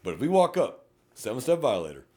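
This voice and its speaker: A man's voice: mid-range voice, a little fast. A middle-aged man, a police officer co-hosting a podcast, telling stories in a blunt, profane way. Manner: blunt, profane, animated storytelling. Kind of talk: casual podcast chat.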